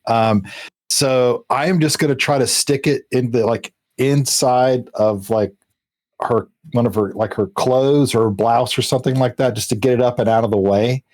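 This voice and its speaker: A man playing a tabletop game, talking in halting, filler-laden bursts. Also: medium pitch, darkish tone. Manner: hesitant, lots of "like". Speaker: player. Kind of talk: casual tabletop play.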